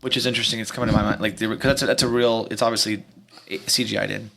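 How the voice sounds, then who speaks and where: A man's voice: on the low side, flat delivery, very fast, vocal fry, sharp tone. Male podcast guest, rambling casual storyteller, loose and profane. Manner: rambling, restarts a lot, swears casually. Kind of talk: casual chat.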